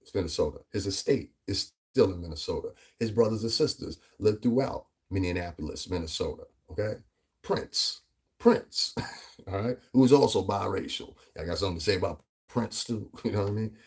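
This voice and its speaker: Low husky-voiced man ranting on his vlog. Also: quick pace, few pauses, a little mellow. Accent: New York area. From US Northeast tri-state area. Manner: rambling, emphatic, frequent "you know what I'm saying". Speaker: vlogger. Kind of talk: casual commentary vlog.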